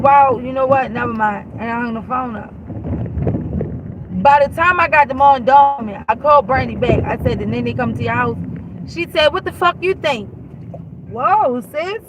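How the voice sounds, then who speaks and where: A woman's voice: sits high, noisy background. A woman telling a long, exasperated story as a show host, acting out both sides of the argument and swearing freely. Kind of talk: animated storytelling rant.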